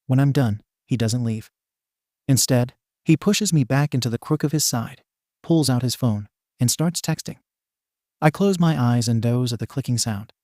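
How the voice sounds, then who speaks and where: A man narrates a story in a steady, even reading. His voice sits in an ordinary middle pitch. The recording is close and dry, with no room sound. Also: dry recording. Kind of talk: reading a fan fiction story aloud.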